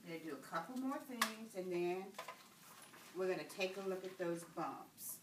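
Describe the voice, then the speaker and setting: A woman nursing instructor demonstrating a patient assessment, giving calm step-by-step instructions. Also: on the low side, normal speed. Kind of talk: clinical skills demonstration. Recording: echoey room, far from the mic, noisy.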